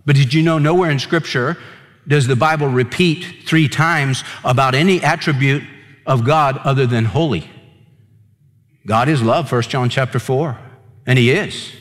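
A man's voice: mid-range voice, normal speed, fairly bright tone, big-room sound. A man preaching a sermon as pastor, emphatic and repeating words for stress.

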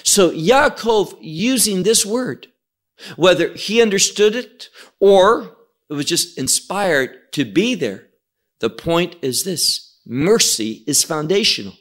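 A man's voice: high-pitched, expressive, slow, fairly bright tone. A man teaching the Bible verse by verse, explaining Hebrew terms and asking and answering his own questions.

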